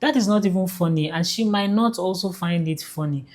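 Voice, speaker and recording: A woman's voice: on the low side, brisk, a little mellow. A woman giving casual dating advice straight to the viewer in a direct, conversational way. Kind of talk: casual advice talk to camera.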